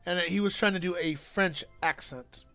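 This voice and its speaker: Over faint game music, a high-voiced man with a bright, forceful tone gives casual gameplay commentary while streaming. He rambles, cracks jokes and keeps stopping to restart.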